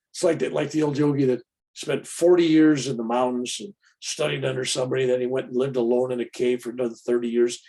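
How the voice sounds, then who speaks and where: A man's voice: medium pitch, gravelly, darkish tone. A man giving an informal, plainspoken spiritual talk, often acting out other people's voices. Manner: casual, plainspoken, acts out quoted voices. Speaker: spiritual teacher.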